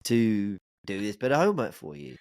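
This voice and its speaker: Wry, low-voiced man talking football. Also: sing-song, fairly quick, a little mellow, no echo. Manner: conversational, wry, sarcastic asides. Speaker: podcast guest, football pundit. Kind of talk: casual football chat.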